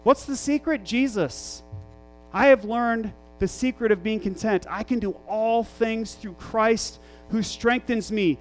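A man's voice: high-pitched, moderate pace, soft background music, rough recording. A man pastoring his church, preaching a sermon with rhetorical questions and rising emphasis.

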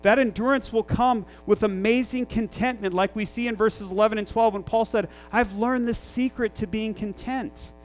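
High-pitched guy pastor preaching, lots of "what's the secret?" questions, quiet music in the back. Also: fairly even intonation, moderate pace, hardly any pauses, rough recording. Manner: preaching with rising emphasis and rhetorical questions. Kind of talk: sermon.

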